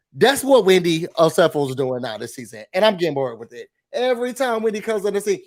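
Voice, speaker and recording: High-voiced man gossiping about reality TV. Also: a little fast. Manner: animated, mimics cast members in gossipy asides. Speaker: recap show host. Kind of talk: casual TV recap chat.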